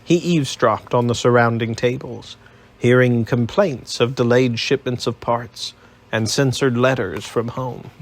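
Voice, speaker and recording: A man narrates an audiobook with a steady, even storytelling manner. His voice sits in the mid range and moves a little slowly.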